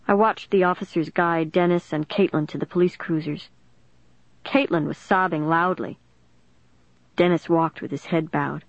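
A woman narrates a young-adult thriller with steady, clear delivery. Her voice sits on the low side. The recording is dead-dry and slightly muffled. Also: moderate pace, no echo. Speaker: audiobook narrator. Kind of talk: scripted narration. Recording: dull, dry studio recording.

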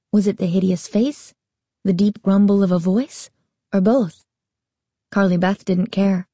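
A woman narrating a storybook aloud with a slow, even reading. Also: mid-range voice, slightly rough, no echo.

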